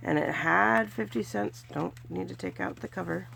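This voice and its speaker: A woman's voice: fairly low pitch, normal speed, vocal fry, fairly bright tone, a little hiss or hum. A woman from California narrating her budgeting video casually, chatty and counting money aloud with small cheers. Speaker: budgeting vlogger. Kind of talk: casual narration while doing cash challenges.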